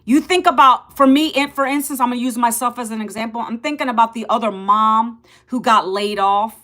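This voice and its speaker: A woman in her fifties talking casually to camera as an online business coach, chatty, repeating herself and calling viewers "guys". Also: a little fast. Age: 50s. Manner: lively, pitch jumps up and drops low.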